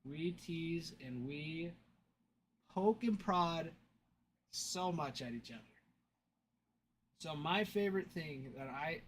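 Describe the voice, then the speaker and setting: A young man talks casually while running a card-opening livestream, chatting and thanking viewers. His voice sits a bit high. A faint hum of room sound stays behind him. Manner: chatty storyteller, laughs often, thanks viewers. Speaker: card break livestream host.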